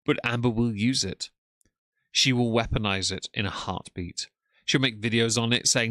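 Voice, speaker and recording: Sarcastic guy streamer ranting live, bright punchy voice, dry close mic. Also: mid-range voice, normal speed, no room sound. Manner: sarcastic, mocking. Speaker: commentary streamer. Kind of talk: live reaction commentary.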